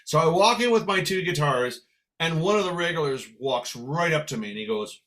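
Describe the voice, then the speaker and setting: An older man from San Francisco, a veteran musician, telling lively stories in an interview and slipping into voices. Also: a little high, fairly quick. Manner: animated storyteller who slips into Irish brogue for quoted voices. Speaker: guest musician. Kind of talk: storytelling in a podcast interview.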